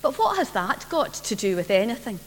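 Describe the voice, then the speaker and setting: A woman voicing an excitable, impatient young girl during a sermon's children's story. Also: medium pitch, moderate pace. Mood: eager. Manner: breathless, impatient, rising questions. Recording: reverberant church, faint hum.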